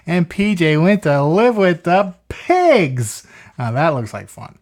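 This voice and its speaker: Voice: medium pitch, very animated, takes it slowly, darkish tone. A storyteller reading a picture book aloud to a child, often stopping for chatty asides and questions to the listener.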